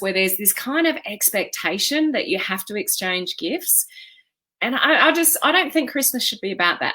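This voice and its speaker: A woman's voice: mid-range voice, pushed and bright. A woman with an Australian accent hosting a casual live stream, chatty and upbeat, greeting viewers by name and laughing often.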